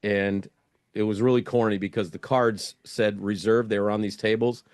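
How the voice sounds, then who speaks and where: A man's voice: lowish voice, level tone, moderate pace, darkish tone, dry recording. A middle-aged man, a guest in an interview, telling a casual story and acting out his own thoughts as he goes.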